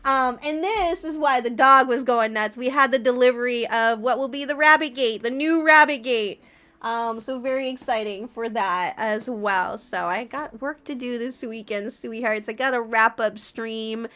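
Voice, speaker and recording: A woman's voice: on the high side, moderate pace, sharp tone. A young adult woman streamer wrapping up a live gaming stream, rambling and chatty with frequent giggles. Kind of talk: casual stream wrap-up chat.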